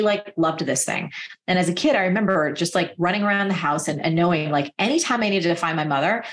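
A woman in her forties from New Jersey tells personal stories as a guest. Her voice sits a little low. She talks vividly and casually, peppering her sentences with "like.". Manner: lively, vivid anecdotes full of "like" fillers. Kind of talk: personal storytelling in conversation.

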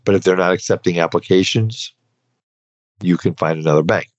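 A man's voice: low voice, fairly quick, no echo. A man hosting a podcast, explaining rules in a conversational way with frequent asides and restarts. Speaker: podcast host advising dentists on taxes. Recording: dry, slightly dull podcast audio.

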